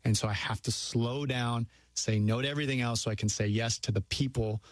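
A man's voice: medium pitch, steady tone, no echo, clean studio sound. A man speaking as a guest in an earnest, preacherly way about faith and being a dad. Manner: earnest, preacherly, quick bursts of speech. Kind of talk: earnest faith-based conversation.

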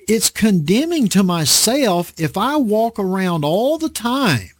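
A man's voice: sits high, no echo. A man preaching a conversational Bible sermon in a dry indoor room, self-deprecating and acting out voices as he teaches.

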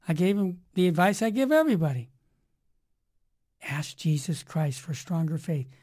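A woman's voice: fairly low pitch, moderate pace. Emphatic preachy radio host woman. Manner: emphatic, preachy, energetic, swinging loud and soft. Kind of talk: Catholic talk radio monologue.

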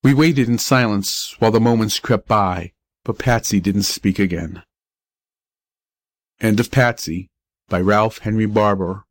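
A man's voice: lowish voice, a little slow, no echo. Man reading an audiobook story. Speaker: audiobook reader. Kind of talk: scripted first-person story narration.

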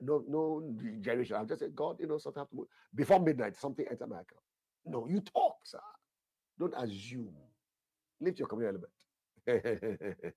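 Husky-voiced fervent male preacher. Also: lowish voice, dark tone, no room sound. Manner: fervent, repetitive, addresses listeners as sir. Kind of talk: sermon. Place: church altar session.

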